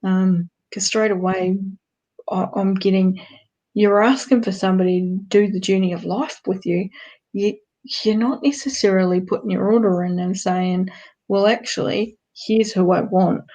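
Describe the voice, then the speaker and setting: A woman's voice: medium pitch, mellow, dull audio. A woman with a New Zealand accent giving card readings to viewers in a chatty, direct way, firing off rhetorical questions. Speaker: card reader. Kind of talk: live-stream card reading.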